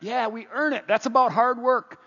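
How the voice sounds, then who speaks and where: A middle-aged man preaches with a high, husky voice, hammering his points home by repeating them. The sound is dull and carries a long hall reverb. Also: moderate pace. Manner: animated, emphatic and repetitive. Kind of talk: sermon.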